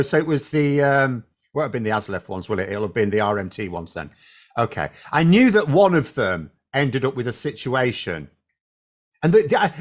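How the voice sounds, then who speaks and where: A man hosting a casual political commentary show, talking through his thoughts with restarts and asides. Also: mid-range voice. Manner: animated, thinking aloud with restarts.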